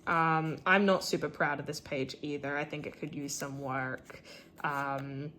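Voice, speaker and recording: A woman's voice: sits low, steady tone, a little slow, sharp tone, a little hiss or hum. A teenage girl from Australia talking casually about her sketchbook, full of "like" and "um", self-deprecating, with squeals of delight over her favourite characters. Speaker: artist showing her sketchbook. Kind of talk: casual chat.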